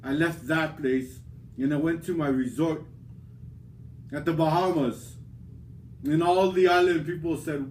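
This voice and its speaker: A man delivering a theatrical wrestling promo, his voice sitting a little high as he brags. He stretches every phrase out at a very slow, deliberate pace. The delivery is boastful and dramatic throughout. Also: fairly even intonation, slight background noise.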